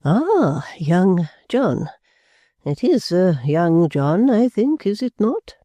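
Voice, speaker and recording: A reader voicing a proud, touchy elderly gentleman, pompous and slow, stalling on "ah" between stern phrases in a storybook reading. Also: mid-range voice, very animated, no room sound, voice pushed up, heavily acted. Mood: stiffly polite. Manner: pompous, hesitant "ah" fillers, slow stern speech.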